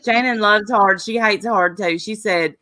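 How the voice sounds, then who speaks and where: A woman's voice: medium pitch, a little slow, no echo. A woman co-hosting a casual chat, telling stories with frequent laughter. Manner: laughing, animated storytelling. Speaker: podcast co-host.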